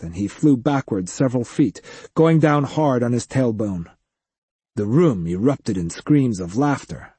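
Man, audiobook narrator, lively pitch, dry close sound. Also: slightly rough, no room sound. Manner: expressive storytelling. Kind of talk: scripted narration.

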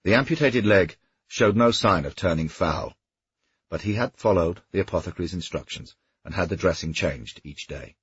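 Man, very low husky voice, lively inflection, dry dull audiobook sound. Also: moderate pace, dry recording. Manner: steady storytelling. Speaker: audiobook narrator. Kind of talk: scripted narration.

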